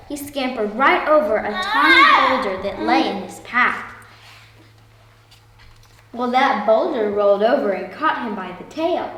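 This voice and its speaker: Animated woman reading a storybook aloud. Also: fairly high pitch, noisy background. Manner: expressive, animated. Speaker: storybook reader, host. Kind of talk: children's story read-aloud. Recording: echoey room, voice from far off.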